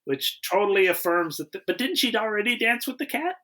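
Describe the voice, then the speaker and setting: A man co-hosting a casual movie review chat, recapping the plot in an animated way and laughing often. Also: high-pitched, brisk. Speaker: podcast co-host.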